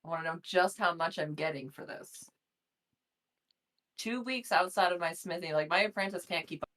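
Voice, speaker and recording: A woman's voice: on the low side, moderate pace, a bit bright. A woman player in a tabletop role-play, blunt and practical in character, haggling over pay.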